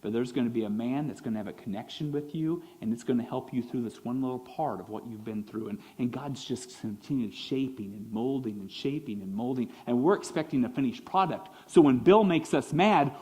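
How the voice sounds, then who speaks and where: A man preaching a sermon as pastor, animated, acting out quotes and swinging between loud and soft. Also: medium pitch, normal speed, few pauses, big-room sound, low-quality recording. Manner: animated, acts out voices and quotes, big swings in loudness.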